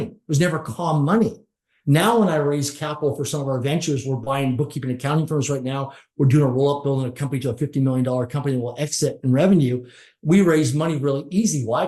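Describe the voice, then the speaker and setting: A man's voice: on the high side, fast, darkish tone. A middle-aged man telling a motivational story as a podcast guest, stacking short repeated phrases for emphasis. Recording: roomy echo.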